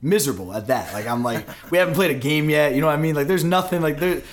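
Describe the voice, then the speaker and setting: A man's voice: fairly high pitch, fast. A young man hosting a sports podcast, telling a long story in a rambling way full of "like"s. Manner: rambling, filler-heavy anecdote telling with many "like"s. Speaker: podcast host. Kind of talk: casual storytelling chat.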